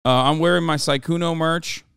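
A man streaming live, chatting casually in an animated, profane, rambling way full of restarts. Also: on the high side, normal speed, vocal fry, clear, resonant tone, dry recording, studio quality. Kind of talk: casual livestream chat.

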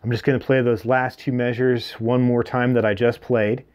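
A guitar teacher gives a lesson, explaining chords and strums plainly and counting beats aloud while he plays his acoustic guitar. His voice is mid-range with little pitch movement, at a normal speed.

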